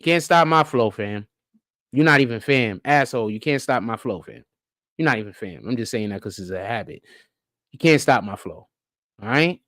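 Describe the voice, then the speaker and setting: Casual stream host, animated intonation, rhetorical and profane, close and dry sound. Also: moderate pace, no echo. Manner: rhetorical, keeps asking questions, profane slang; drifts between low mutters and excited high-pitched stretches. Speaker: live-stream commentary host. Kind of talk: casual live-stream commentary.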